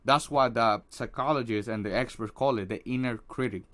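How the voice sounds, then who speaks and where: A man's voice: medium pitch, moderate pace, fairly bright tone. A man giving a casual motivational talk on social anxiety, earnest, with many restarts and a habit of asking "right?". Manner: earnest, repeats words, tags lines with "right?"; acts out a harsh inner critic in quoted asides.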